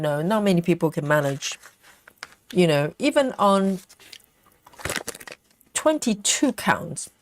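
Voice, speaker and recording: A woman hosting a craft livestream, reading viewer comments aloud and thinking aloud with lots of ums in a relaxed, casual chat. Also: low voice. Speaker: cross-stitch livestream host.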